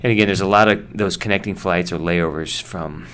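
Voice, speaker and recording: An American man teaching English vocabulary in a relaxed, chatty way, with fillers and asides. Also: low-pitched, fairly quick, a little hiss or hum. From United States. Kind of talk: casual explanation.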